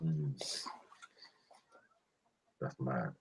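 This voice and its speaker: A man chiming in quietly and agreeing during a rant. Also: a bass voice, drawn-out words, creaky, husky, lo-fi sound.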